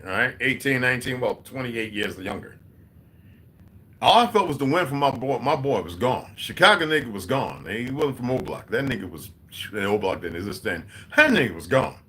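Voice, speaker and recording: A man's voice: mid-range voice, sharp tone. A man in his forties giving a rambling, profane, preachy monologue. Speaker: video host.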